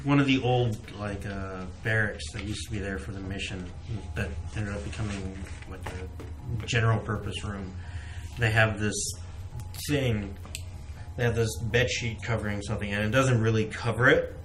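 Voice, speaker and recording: A man's voice: lowish voice, fairly even intonation, moderate pace. A man narrating as game master in a tabletop game, talking in a casual, joking way with lots of fillers.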